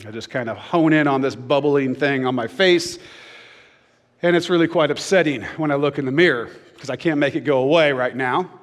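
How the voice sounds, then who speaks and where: A man's voice: mid-range voice, a little fast, big-room sound. A man preaching a sermon in a church, talking casually and joking with the congregation. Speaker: pastor. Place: church stage.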